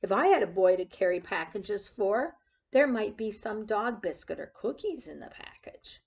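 A woman's voice: mid-range voice, sing-song, normal speed, gravelly, darkish tone, breathy edge, exaggerated voice. A woman voicing an eager, polite little male puppy in a storybook read-aloud, hopeful and a bit wistful.

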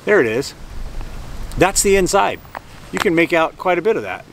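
Man, slightly higher voice, chatty and rambling, outdoor food review on camera mic, clear traffic noise behind. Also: big pitch swings, normal speed, fairly bright tone, low-quality recording. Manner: rambling, chatty, jokey asides. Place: outdoors by the water, sitting near a road.

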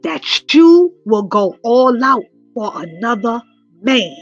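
A woman giving casual commentary, telling stories in a lively way and speaking directly to her viewers. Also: fairly high pitch, takes it slowly, dry recording, highs cut off, soft background music. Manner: animated storytelling, addressing viewers as "y'all". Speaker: online commentator.

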